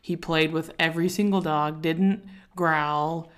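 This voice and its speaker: A woman's voice: low voice, fairly even intonation, measured pace, clean tone. A woman co-hosting a podcast in casual chat, telling rambling stories and acting out other people's lines. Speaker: podcast co-host.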